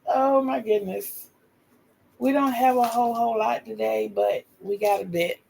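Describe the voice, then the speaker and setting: A woman's voice: a little high, moderate pace, gravelly, warm tone, a little hiss or hum, low-quality recording. An older woman in her sixties from North Carolina with a Southern accent, chatting casually and homey on her livestream as host.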